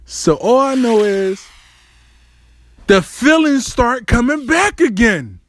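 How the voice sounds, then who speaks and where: Lively, animated man telling a story. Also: takes it slowly. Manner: animated, swings between high and low registers; swears freely, slangy. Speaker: show host telling a personal story. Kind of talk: profane storytelling monologue.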